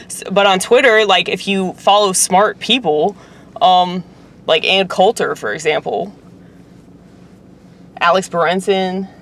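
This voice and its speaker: In a casual monologue to her viewers, a woman vlogger wanders from point to point, swearing and using plenty of fillers. She talks a little slowly and pauses often, in a voice on the low side with a slight brightness.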